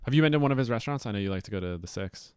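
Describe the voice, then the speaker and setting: Argumentative young man, smooth dry voice. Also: on the low side, lively intonation, very fast, no echo. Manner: argumentative, talks over the other host. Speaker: podcast co-host. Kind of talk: casual chat.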